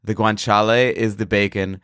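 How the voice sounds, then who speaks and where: A man's voice: on the low side, little pitch movement, normal speed, fairly bright tone, clean tone, no room sound, studio quality. A male podcast host chatting casually, enthusiastic and explanatory about food.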